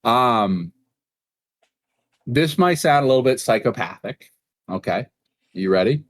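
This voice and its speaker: A young man from Massachusetts co-hosting a casual gaming podcast, rambling and swearing freely, jumping into animated voices when he retells conversations. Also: mid-range voice, unhurried, a little hiss or hum. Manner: rambling, profane, animated in retold dialogue. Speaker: podcast co-host.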